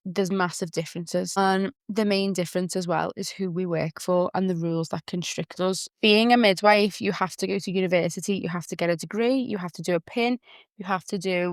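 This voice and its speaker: A young woman with a Liverpool accent hosting a podcast in a candid, chatty way, often quoting people in lively voices. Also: lowish voice, brisk, no echo, studio quality. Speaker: podcast host, doula. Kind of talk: casual chat.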